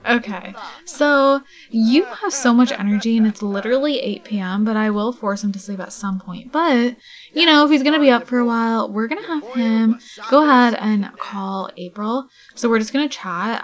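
A young woman hosting a casual let's play, chatting and reacting out loud as she plays, sometimes dropping into a whisper. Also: on the high side. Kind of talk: casual gameplay commentary.

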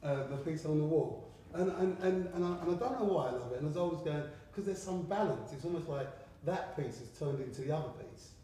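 Fast and barely pausing, a fairly high, mellow-voiced man from England tells rambling stories in casual gallery talk, laughing and swearing as he goes. He's recorded indoors from far off in a very echoey room with faint background noise.

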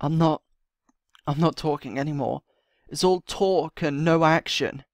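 A man's voice: on the high side, measured pace, no echo, clean studio sound. A man voicing a grieving, distraught mother in a game role-play, with tearful, despairing protests.

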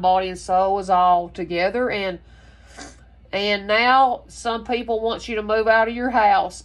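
A woman reads tarot cards in a casual spoken style. She talks in long, rambling runs and drops curse words freely. Her delivery is blunt and emphatic. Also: mid-range voice. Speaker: tarot reader.

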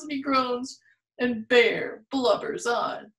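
A woman reading a picture book aloud to children at storytime, playful and animated, laughing often. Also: sits high, takes it slowly, echoey room, low-quality recording. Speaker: children's museum storytime reader.

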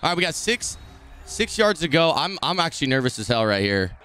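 A young man streaming a football video game, commenting live, swearing and swinging between muttered complaints and shouted reactions. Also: fairly high pitch, big pitch swings, a little fast, clean tone, faint music behind. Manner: profane trash talk.

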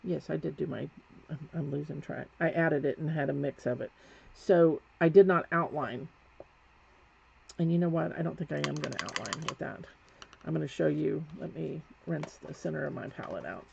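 A woman with a low, gravelly, slightly mellow voice talks at normal speed during a live painting demonstration. As an instructor, she chats while working and corrects herself along the way, captured in dull lo-fi audio with faint background noise.

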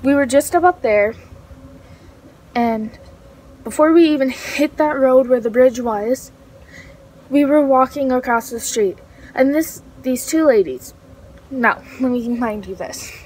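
High-voiced teen girl rambling a story. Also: a little slow, pauses often, a little mellow, low-quality recording. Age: teens. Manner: rambling, lots of fillers and self-corrections. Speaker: vlogger. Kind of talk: casual storytime.

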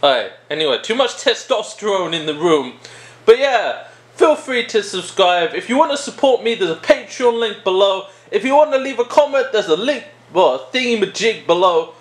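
A man talks through a casual review video with a high, bouncy voice that swoops all over. He jokes, rambles and interrupts himself as he goes. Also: very animated, normal speed. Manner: joking, rambling, self-interrupting. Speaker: video host reviewing a perfume. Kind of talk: casual product review vlog.

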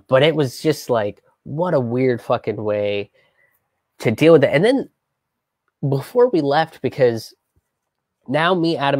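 A man tells a personal story on a live stream in a halting, casual way, with many restarts and blunt swearing. His pitch sits in an ordinary middle range. The sound is dry and close, with no room echo.

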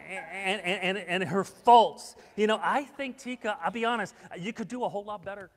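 A man preaching a sermon as pastor, telling stories with acted-out quotes and swinging between hushed and loud. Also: sits high, normal speed, in a large hall, slight background noise. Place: church sanctuary.

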